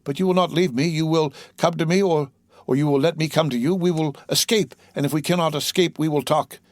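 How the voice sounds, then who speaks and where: A man's voice: a little high, fairly quick, no echo, voice pushed up, close to an everyday voice. A man doing a desperate young prisoner. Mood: pleading. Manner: earnest, impassioned pleading.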